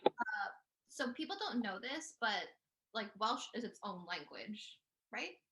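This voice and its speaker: A woman hosting a casual video call interview, lively and encouraging toward her guests. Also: mid-range voice, a little slow. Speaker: host.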